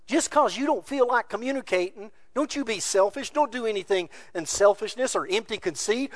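A male pastor preaching a sermon, earnest and exhorting, his voice swinging from soft to loud. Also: high-pitched, lively intonation, fairly quick, hardly any pauses, dry recording.

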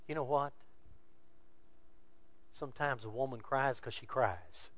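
A male pastor preaching a sermon, earnest and exhorting, his voice swinging from soft to loud. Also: medium pitch, unhurried, long pauses, no echo.

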